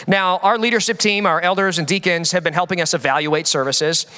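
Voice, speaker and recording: A man preaching a sermon as pastor, telling stories with quick jokes and frequent fillers. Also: high voice, clear, resonant tone. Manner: animated storytelling with quick jokes. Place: large church hall. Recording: long hall reverb.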